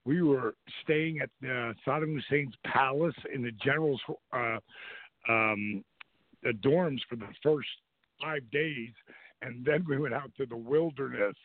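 A man's voice: mid-range voice, a little slow, dry recording. A middle-aged man hosting a radio show, telling stories casually and animatedly, with restarts and acted-out quotes. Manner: animated anecdote-telling, acts out voices in quotes. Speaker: show host. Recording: dry, phone-like narrow sound.

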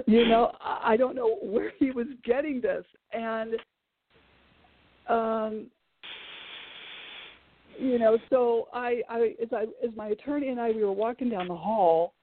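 A woman's voice: a little high, no echo. Middle-aged woman on a tinny call. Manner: animated, many fillers and restarts. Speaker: author guest. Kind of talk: emotional personal storytelling. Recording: tinny call-like audio, dry.

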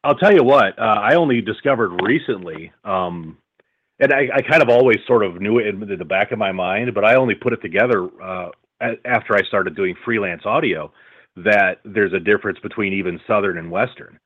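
A man with a lowish voice answers interview questions in a relaxed way, with plenty of ums. The line is dry and muffled. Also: brisk, no room sound. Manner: relaxed, hesitant, many fillers. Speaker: voice-over artist guest. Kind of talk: casual interview chat.

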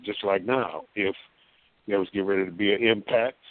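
A man's voice: on the low side, a little fast, no room sound. A man talking as a guest on a call-in show, folksy and rambling, with many fillers and restarts, over a phone line. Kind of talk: call-in radio talk.

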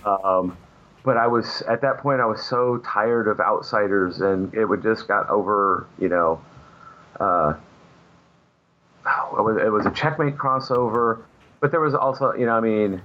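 A man with a fairly low voice tells long, meandering anecdotes as a guest in a casual interview. He leans on fillers and restarts as he goes. The recording is dull and muffled. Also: a little slow. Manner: rambling anecdotes with many fillers. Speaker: comic book artist guest. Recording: muffled lo-fi audio.

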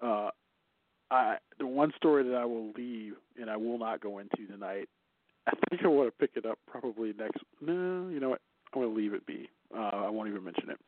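A man's voice: lowish voice, expressive, fairly quick. A man co-hosting a casual news chat show, chatty and teasing, laughing often. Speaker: co-host. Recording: dry, tinny phone-like line.

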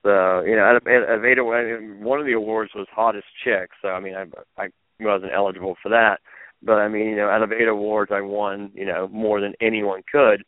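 Guy rambling thru stories on a podcast, lowish voice, dry tinny phone sound. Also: little pitch movement, fairly quick, dry recording. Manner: rambling, many restarts and fillers. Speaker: podcast guest, former reality show contestant. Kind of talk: casual interview storytelling. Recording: phone-like lo-fi audio.

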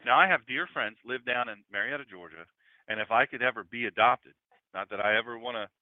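Speaking a little fast at a medium pitch, a pastor in his fifties preaches an easygoing sermon and converses with the congregation in a church room. There's no room sound, though the audio is tinny, as if over a phone.

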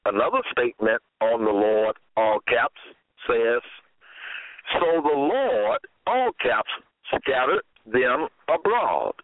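Slow, deliberate man preaching over a phone line. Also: mid-range voice, sing-song, no echo. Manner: slow, deliberate, repeats phrases. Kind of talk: sermon with scripture reading. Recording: tinny phone-line audio.

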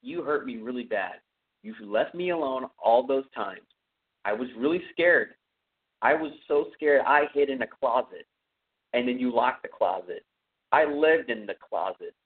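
A man voicing a disturbed killer obsessed with his mother, speaking slowly and in a pained, accusing way, over a phone-like line. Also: medium pitch, lively intonation, close to an everyday voice. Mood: wounded. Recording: phone-like narrow sound.

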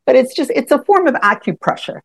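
A woman guest explaining a self-help tapping method in casual conversation, animated and quick to laugh, often restarting her sentences. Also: high voice, creaky, no room sound. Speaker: EFT tapping practitioner, guest.

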